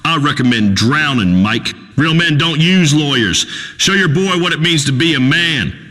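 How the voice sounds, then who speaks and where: An actor playing a crude, boastful redneck talk radio host in a video game, ranting in a folksy drawl. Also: male voice, fairly high pitch, expressive, moderate pace, big-room sound. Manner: loud folksy swaggering rant, Southern drawl.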